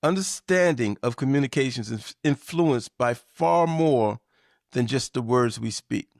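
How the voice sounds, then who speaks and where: A man hosting a business lesson, delivering a scripted talk with measured, emphatic shifts in inflection. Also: medium pitch, expressive, gravelly, no room sound, studio quality. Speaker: podcast host.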